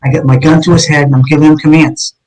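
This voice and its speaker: Intense middle-aged man, fairly high voice. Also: little pitch movement, fast talker, a little mellow, poor audio. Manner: vivid and intense, with frequent restarts and repeated words. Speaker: retired detective telling his story as a guest. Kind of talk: dramatic first-person storytelling in an interview.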